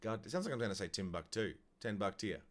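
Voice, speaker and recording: A man's voice: fairly low pitch, animated, quick pace. A man casually chatting on a game livestream, playful and profane as he talks to his chat. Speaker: streamer. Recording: loud game music behind.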